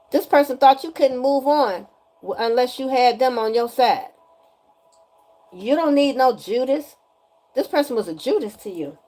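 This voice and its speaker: A woman giving a casual spiritual energy reading to viewers, animated and emphatic, often repeating her lines and slipping into slang. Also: on the high side, unhurried. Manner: animated, breaks into singing, emphatic and preachy.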